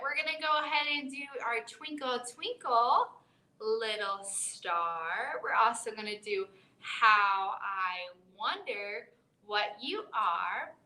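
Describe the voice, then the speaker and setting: A woman as a children's librarian giving a live storytime read-aloud, expressive, sing-song and encouraging, in a library room. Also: sits high, echoey room.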